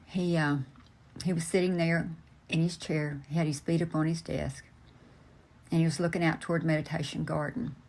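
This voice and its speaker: An older man slowly recounting a personal memory, pausing often with ums and uhs. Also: fairly high pitch, flat delivery, darkish tone. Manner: unhurried, halting, with many ums and uhs. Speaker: storyteller recounting family memories. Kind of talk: slow personal recollection.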